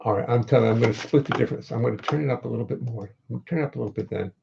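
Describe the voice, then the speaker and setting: This older man races along in a creaky, mid-range voice over a noisy background while hosting a livestream from home. He rambles in a casual chat and reads viewer comments aloud wryly, all picked up by a computer audio input in dull lo-fi quality.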